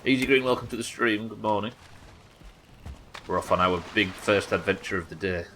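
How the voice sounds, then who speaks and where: A man's voice: fairly low pitch, normal speed, sharp tone, a little hiss or hum, poor audio. A young man streaming a game live, chatting to viewers and thinking aloud as he plays, swearing freely. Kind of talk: live gameplay commentary.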